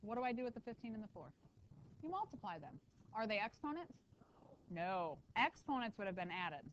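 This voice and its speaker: A woman math teacher lecturing a classroom, lively and quick with asides to her students. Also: mid-range voice, highs cut off, slight background noise.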